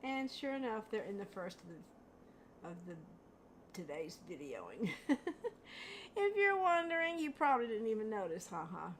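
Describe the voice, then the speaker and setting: A woman's voice: mid-range voice, big pitch swings, normal speed, long pauses, a little hiss or hum. An older woman hosting a home craft video, chatting in a rambling way and laughing at herself while she paints. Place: home studio.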